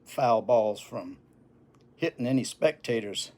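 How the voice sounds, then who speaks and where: An older man telling a childhood story in a folksy, unhurried way. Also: medium pitch, animated, a little mellow. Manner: folksy, unhurried, chuckling between lines. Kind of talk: casual oral storytelling.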